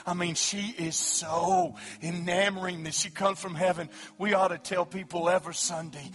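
A man preaching an evangelistic sermon at a church service, his delivery swinging from hushed pleading to loud shouting. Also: high voice, fairly even intonation, normal speed, hardly any pauses. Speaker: pastor.

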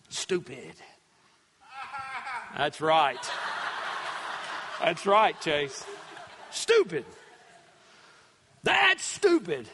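A man's voice: very high voice, pushed and bright. A male pastor preaching a sermon, hammering home words by repeating them, with frequent fillers. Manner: preachy, repetitive emphasis with many fillers. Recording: long hall reverb.

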